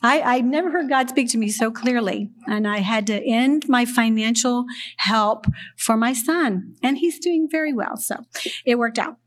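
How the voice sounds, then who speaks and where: An older woman sharing a personal testimony with a group, speaking in an earnest, halting way with restarts and soft laughs. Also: on the high side.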